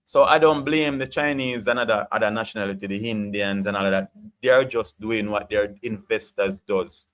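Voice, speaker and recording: A man's voice: on the low side, normal speed, fairly bright tone. A man from Jamaica with a Jamaican accent, hosting a live chat stream and ranting passionately, often repeating himself. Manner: passionate, ranting, repeats "you get what I'm saying". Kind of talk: opinionated live chat monologue.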